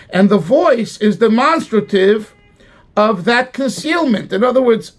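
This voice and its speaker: High-voiced, slow impassioned preacher man. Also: animated. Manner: impassioned, swelling to emphatic cries. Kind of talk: sermon with sung melody.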